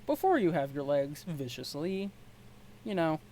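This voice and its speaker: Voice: mid-range voice, very animated, unhurried, dark tone, a little hiss or hum. A casual host reading a webcomic aloud, rambling and self-deprecating with jokey asides. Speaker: webcomic read-along host.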